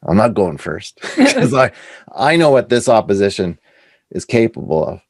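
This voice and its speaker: A middle-aged Canadian man, an author being interviewed, telling animated anecdotes and acting out what other people said. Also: fairly low pitch, moderate pace, dry recording. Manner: animated anecdotes with quoted voices. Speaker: author and guest. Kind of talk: casual storytelling interview.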